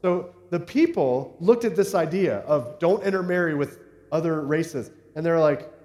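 A man preaching a conversational sermon, often pausing to check in with his listeners. His voice sits a little higher than most men's. The room gives it a roomy echo with a long reverb tail. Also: lively intonation, a little mellow. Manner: conversational preaching with frequent check-ins to the congregation. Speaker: pastor. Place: church sanctuary. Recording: echoey hall reverb.

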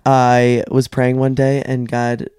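A man hosting a casual podcast chat, telling stories with animated delivery and frequent laughter. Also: medium pitch, takes it slowly, smooth, dry recording, clean studio sound. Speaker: podcast host.

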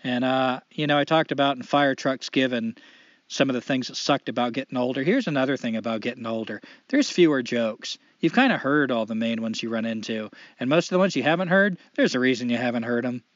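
A man's voice: medium pitch, brisk, no room sound, dull audio. A man hosting a casual podcast chat, telling stories and jokes with lots of laughter. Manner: animated storyteller, joking and laughing. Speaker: podcast host.

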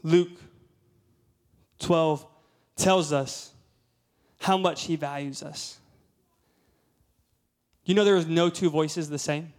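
A man's voice: a little high, fairly even intonation, slow pace, pauses often. Emphatic storytelling preacher, a man. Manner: storytelling, rising to emphatic peaks. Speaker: guest preacher. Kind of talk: sermon.

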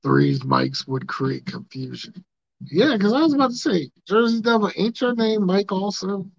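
A gravelly-voiced man hosts a loose podcast, rambling and joking loudly in heavy slang. The room sounds dry and close, and the audio is a bit dull and lo-fi. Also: high voice, lively intonation, normal speed, no room sound. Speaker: podcast host. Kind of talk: casual podcast banter.

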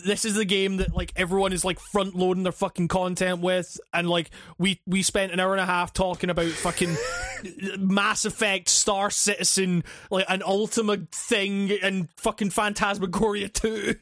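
A man's voice: sits high, level tone, normal speed, fairly bright tone, no room sound, studio quality. A young man co-hosting a podcast in casual chat, rambling and profane, laughing often. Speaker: podcast co-host.

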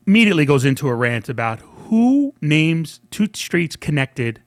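A man's voice: fairly high pitch, sing-song, moderate pace, no room sound, studio quality. A man from New York telling a story in casual chat. He acts out the people he quotes and laughs often. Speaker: podcast co-host.

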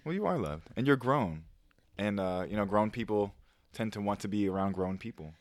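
A man's voice: fairly low pitch, expressive, moderate pace, dry recording. A man in his thirties co-hosting a podcast, laid-back and joking in casual slangy chat. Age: 30s. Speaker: podcast co-host.

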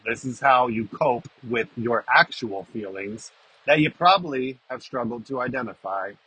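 Blunt, profane man with a rough voice. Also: medium pitch, normal speed, sharp tone, no room sound, rough recording. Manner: blunt, profane, casual, checks in with "right?". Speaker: podcast host. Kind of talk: freestyle recovery podcast monologue.

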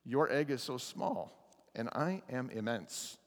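A man doing a gentle faithful storybook elephant. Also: mid-range voice, animated, big-room sound, pitched below the performer's own voice. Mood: earnest. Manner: slow, earnest rhyming storybook reading. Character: gentle, faithful male elephant, huge and steady.

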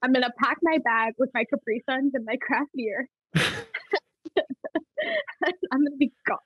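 A young woman guest on a podcast chats and laughs her way through lively family anecdotes. Her voice is on the high side and a touch husky. The recording is dry and a little dull. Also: moderate pace, no room sound. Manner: giggly, animated storytelling. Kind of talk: casual chat. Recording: dull lo-fi sound.

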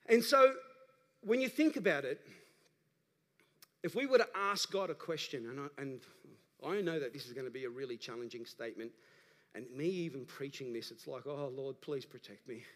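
A man, a pastor delivering an animated sermon that rises to emphatic calls to the congregation. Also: medium pitch, normal speed. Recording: preached in a large reverberant church hall.

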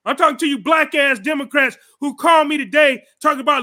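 A man with a very high, bright, piercing voice hosts a podcast. He rants angrily and profanely about politics, shouting often. His delivery is heated and combative throughout. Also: fast. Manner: angry, shouting, profane ranting. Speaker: podcast host.

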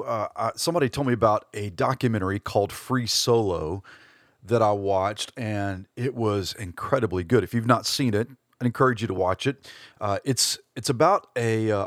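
Low-voiced hesitant male podcast host. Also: normal speed, a bit bright, no echo, clean studio sound. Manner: hesitant, many fillers and restarts. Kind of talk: casual reflective monologue.

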